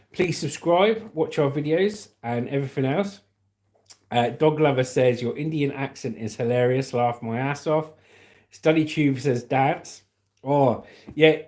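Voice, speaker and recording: A man's voice: medium pitch, darkish tone. A man hosting a casual livestream, reading chat comments aloud and laughing often. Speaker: livestream host.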